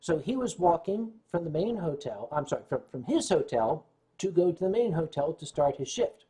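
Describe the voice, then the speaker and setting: A man hosting a livestream, telling a long anecdote in a lively way and clearing his throat often between beats. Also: on the high side, moderate pace. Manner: animated retelling with shifting loudness. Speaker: livestream host. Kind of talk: anecdotal storytelling.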